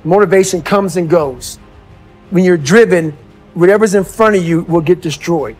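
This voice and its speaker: A man giving a blunt motivational talk, moving between low, brooding passages and loud, fired-up bursts, as a compilation of clips with music underneath. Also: moderate pace. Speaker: motivational speaker. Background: motivational background music.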